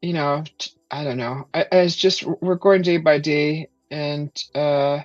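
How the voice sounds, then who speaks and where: Woman streamer, slow and halting with lots of fillers, dry close sound, slightly dull lo-fi audio, faint music behind. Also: low voice, dry recording. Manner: hesitant, many fillers, excited whoops when thanking viewers. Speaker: live stream host. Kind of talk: casual live stream chat.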